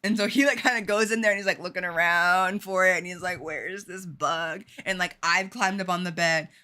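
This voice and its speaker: A woman streaming a game at home and telling a lively story to her chat, laughing often. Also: lowish voice, brisk. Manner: animated, laughing, chatty with fillers.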